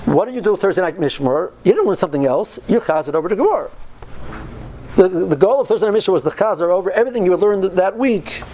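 A man's voice: high-pitched, expressive, fast talker, dark tone, a little hiss or hum, low-quality recording. A man in his fifties telling stories in a casual talk, earnest and driving his points home by repeating phrases. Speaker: speaker recounting yeshiva study.

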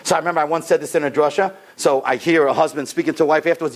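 A rabbi giving a sermon, telling stories with an animated delivery and a voice that climbs on the key points. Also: male voice, on the high side, quick pace, some chatter behind. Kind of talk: sermon storytelling.

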